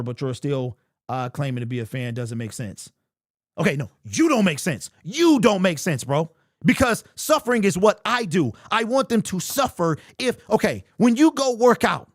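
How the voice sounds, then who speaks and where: On a sports livestream, a high-voiced male host answers super chats heatedly, arguing with viewers and circling back to the same points again and again. The audio is studio quality with no room sound.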